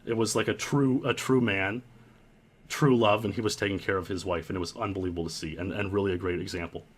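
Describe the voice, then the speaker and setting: A young man hosting and narrating his own story in an earnest, halting way, often restarting his sentences. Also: low voice, fairly even intonation, breathy edge. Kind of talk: reflective storytelling commentary.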